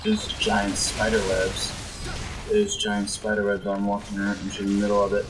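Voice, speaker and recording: A young man giving jokey, excitable let's play commentary, reacting to the game and putting on silly voices for the enemies. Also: fairly low pitch, moderate pace, over music. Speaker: gameplay commentator.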